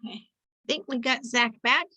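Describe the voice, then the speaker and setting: A middle-aged woman hosting a podcast with a somewhat high voice, talking in a loose, chatty way with plenty of restarts and little jokes. She is heard over a video call, and the sound is dry and close, with no room around it. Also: moderate pace, pushed and bright, dry recording, poor audio. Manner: chatty and rambling, self-correcting, joking. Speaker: podcast host. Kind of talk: casual interview introduction.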